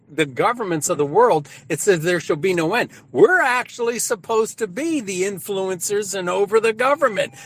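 A man's voice: high-pitched, fairly bright tone. A man calling in to a talk show, speaking earnestly in casual chat. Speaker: caller.

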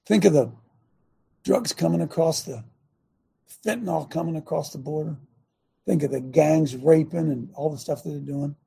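A man's voice: on the high side, normal speed, creaky, long pauses, warm tone, slightly rough. A man hosting a talk show, commenting in an emphatic, preachy way. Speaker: host.

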